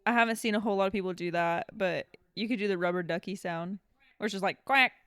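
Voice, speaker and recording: A woman co-hosting a podcast in casual chat, energetic and playful. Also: mid-range voice, fast, no echo. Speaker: podcast co-host.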